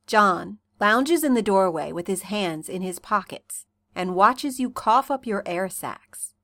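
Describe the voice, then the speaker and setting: A woman reading a fan fiction story aloud in soft, second-person narration. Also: mid-range voice, expressive, takes it slowly, no echo, clean studio sound. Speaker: reader.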